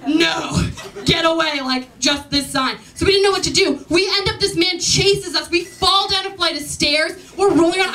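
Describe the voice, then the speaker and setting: A young woman telling a comic personal story at a live story slam, animated and laughing through her lines. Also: very high-pitched, far from the mic, poor audio. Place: stage at a live event.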